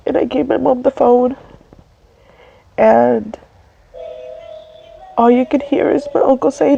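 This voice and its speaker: Tearful woman with a gravelly voice. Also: high voice, fairly even intonation, mellow. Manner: tearful, halting, with many restarts. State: crying. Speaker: vlogger. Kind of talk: emotional personal storytelling. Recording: dull lo-fi audio with faint background noise.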